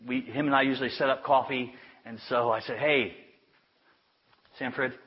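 A man preaching to a congregation, telling a personal story in a chatty, self-amused way and dropping to a hush for the tender lines. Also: medium pitch, fairly even intonation, normal speed. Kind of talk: sermon storytelling. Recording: dull lo-fi sound.

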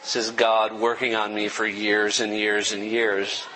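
A man's voice: lowish voice, monotone, measured pace, pushed and bright, in a large hall, a little hiss or hum, low-quality recording. A young adult man, a pastor giving an earnest, self-deprecating sermon testimony that turns emotional at times.

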